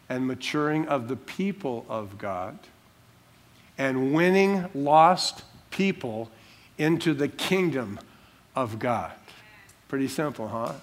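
A man preaching a sermon, working through a Bible passage verse by verse and repeating phrases for stress, in a church sanctuary. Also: mid-range voice. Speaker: pastor.

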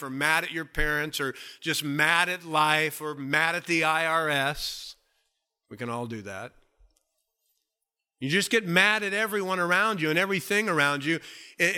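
Man, pastor, sermon, very slow delivery, bright tone, drawn-out emphasis. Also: on the high side, smooth.

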